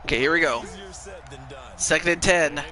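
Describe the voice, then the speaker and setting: A man's voice: fairly high pitch, moderate pace, bright, forceful tone. A man calling the plays of a football video game with a friend, in a casual style with hesitant fillers. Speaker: co-commentator.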